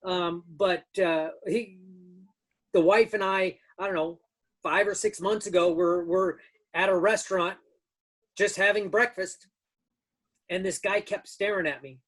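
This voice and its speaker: A man's voice: high voice, fairly even intonation, unhurried, long pauses, fairly bright tone. A man in his fifties telling stories as a guest in an interview, rambling through anecdotes with many restarts. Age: 50s. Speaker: guest, stunt rigger. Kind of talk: casual storytelling.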